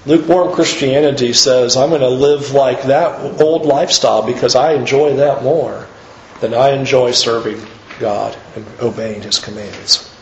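A man preaching a sermon in an earnest, emphatic way, pushing his pitch up to stress his points. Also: fairly even intonation, moderate pace, roomy sound, dull audio, slight background noise.

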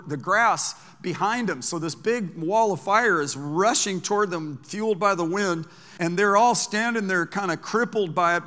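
A pastor delivers an emphatic sermon in a high, bright voice, often doubling back on his words. He reads scripture aloud between points. His voice rings out with a long reverb, as in a large sanctuary.

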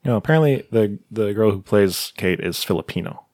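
A man's voice: lowish voice, lively intonation, a little mellow, dry recording, studio quality. A man co-hosting a podcast, casually recapping a movie plot in a laid-back way. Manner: laid-back, retells scenes with quick put-on quotes. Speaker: podcast co-host. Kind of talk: casual movie review chat.

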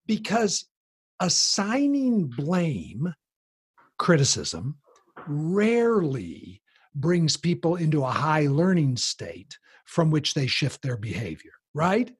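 A man explaining a parenting approach in conversation, animated and acting out the voices of people he quotes. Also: fairly high pitch, takes it slowly, slightly rough.

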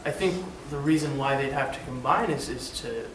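A man in a study group answering hesitantly and quietly, searching for his words. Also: medium pitch, moderate pace. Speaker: group member. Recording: distant, echoey room with noise.

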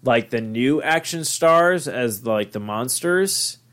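A man in casual podcast chat, excitable and profane, pitching ideas with animated storytelling. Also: slow.

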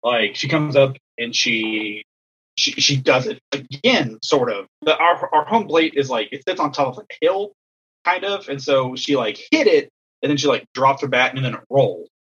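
A man, an assistant softball coach, telling a story in casual chat, acting out other people's lines in a raised voice. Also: medium pitch, normal speed, husky, muffled recording.

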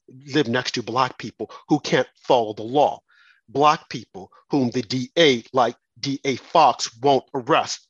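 A man hosting a talk radio show, delivering a fervent, emphatic, preacherly monologue in a husky voice. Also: medium pitch, a bit bright, no echo, lo-fi sound.

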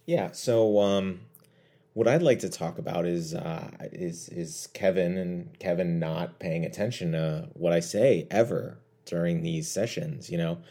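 A man's voice: low-pitched, warm tone. A man co-hosting a sports podcast, talking in a rambling, playful way with many fillers. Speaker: podcast co-host. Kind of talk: casual podcast chat.

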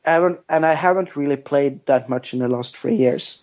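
A man's voice: fairly high pitch, fairly quick, a little mellow. A man from Sweden being interviewed about games, answering in a hesitant, plain-spoken way. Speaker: game studio guest.

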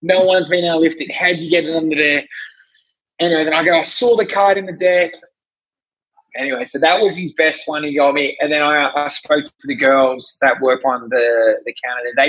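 Husky man telling stories. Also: a little high. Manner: rambling, animated, many restarts and acted-out quotes. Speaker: gym owner and trainer, podcast guest. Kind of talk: casual storytelling chat. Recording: dull, muffled podcast audio.

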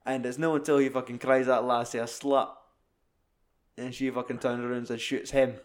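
A young Scottish man chatting casually about a film, swearing a lot and acting out lines in quick put-on voices. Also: mid-range voice, little pitch movement.

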